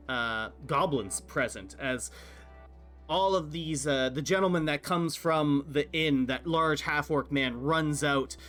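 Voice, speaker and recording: A man runs a tabletop game as game master, narrating in a halting way with plenty of fillers. His voice sits fairly high, with faint music playing behind him. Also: pushed and bright.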